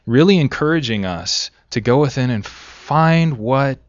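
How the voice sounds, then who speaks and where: A man speaks as a radio guest, encouraging listeners in a mid-pitched voice. He talks casually and restarts often. The sound is dry and lo-fi. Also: expressive, measured pace, dry recording. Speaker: guest, spiritual life coach. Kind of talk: casual interview chat. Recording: dull lo-fi internet radio sound.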